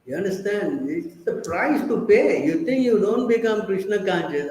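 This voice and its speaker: A man's voice: high-pitched, sing-song, normal speed, few pauses, a little mellow, reverberant, low-quality recording. A man giving a scripture class, preaching and prodding his listeners with rhetorical questions.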